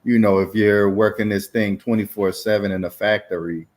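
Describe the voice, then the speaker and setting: A man's voice: lowish voice, fairly even intonation, normal speed. A man co-hosting a casual tech podcast, talking in a thoughtful, musing way. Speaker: podcast co-host. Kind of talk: casual chat.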